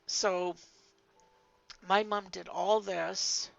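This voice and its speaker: A woman's voice: mid-range voice, steady tone, drawn-out words, vocal fry, dry recording, highs cut off, faint music behind. An older woman telling a personal story in a vlog, blunt and emphatic, swearing freely. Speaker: vlogger.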